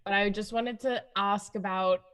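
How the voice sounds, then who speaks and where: A woman's voice: mid-range voice, steady tone, normal speed, a bit bright. A woman student asking a hesitant question in a live music lesson, with many fillers. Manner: hesitant, full of likes.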